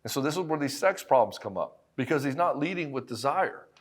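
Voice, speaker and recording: A man's voice: medium pitch, lively intonation, fairly quick. A middle-aged man coaching married men in a blunt, profane, emphatic monologue, speaking straight to the listener. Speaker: relationship coach. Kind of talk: direct-to-camera monologue.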